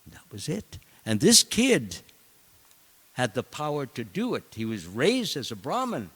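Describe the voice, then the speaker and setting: A man, a monk giving a scripture class, tells a story in an animated way and acts out the characters. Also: medium pitch, unhurried, slightly rough. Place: temple hall. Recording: long reverb of a temple hall.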